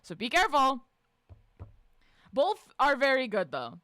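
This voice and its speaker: A woman streamer chatting casually with her live chat, swearing freely, laughing often and shouting out greetings. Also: sits high, big pitch swings, unhurried, no room sound. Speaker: livestreamer reading and answering chat.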